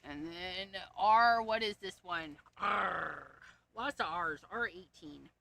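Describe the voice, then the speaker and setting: Woman, crafting livestream host, slow unhurried talk, bright edge, muttering to herself. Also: lowish voice, gravelly. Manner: muttering, reading off codes to herself; amused at her own jokes. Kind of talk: casual livestream chat while sorting markers.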